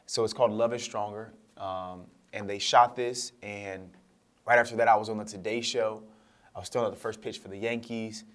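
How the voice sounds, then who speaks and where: A young man, a guest speaker, telling his story in an interview and acting out what people said to him. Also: on the low side. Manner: animated storyteller acting out quotes.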